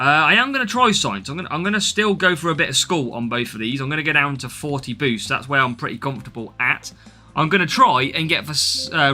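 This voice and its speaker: A young man with a Midlands accent commentates his mobile racing game live, talking casually to his viewers and welcoming them one by one. His voice is very bright and sharp, and it sits a little high for a man. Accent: English Midlands. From English Midlands. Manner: chatty, reads out and answers viewer names. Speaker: game streamer.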